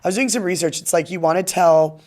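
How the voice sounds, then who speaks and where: A woman's voice: on the low side, darkish tone. A woman hosting a podcast in a chatty, casual way, with a throaty voice. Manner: fast, chatty. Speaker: podcast host. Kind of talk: casual chat.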